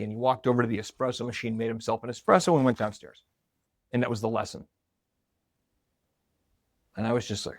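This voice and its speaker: A man's voice: mid-range voice, normal speed, long pauses, dry recording, studio quality. A man, probably middle-aged, telling a personal story in a conversational, reflective way. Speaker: marketing coordinator.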